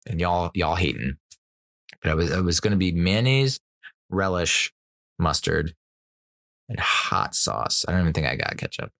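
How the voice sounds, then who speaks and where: In a casual storytelling podcast, a man in his thirties rambles, curses, and laughs frequently. He has an expressive low voice with a fairly bright tone and a moderate pace, heard in clean studio sound with no echo.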